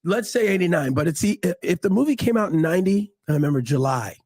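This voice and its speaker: A middle-aged man telling stories in a casual interview, animated and acting out quotes. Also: brisk, dry recording. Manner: animated, acts out quotes with big pitch jumps. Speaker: guest.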